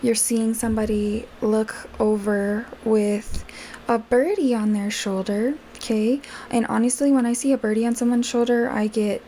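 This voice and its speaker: A woman's voice: fairly high pitch, fairly even intonation, normal speed, mellow, a little hiss or hum. A woman doing a casual tarot reading, chatting directly to her viewers with plenty of fillers. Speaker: tarot reader.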